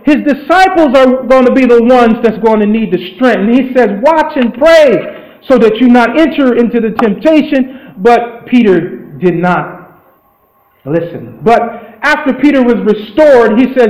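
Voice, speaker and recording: A man's voice: extremely high pitch, darkish tone, reverberant, rough recording. A man preaching a sermon, retelling scripture in an earnest storytelling way with loose grammar.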